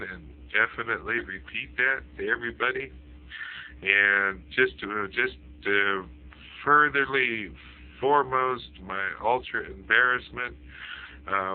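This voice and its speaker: A man telling a long rambling joke, filling his talk with "you know". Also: mid-range voice. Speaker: storyteller. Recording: phone-like lo-fi audio.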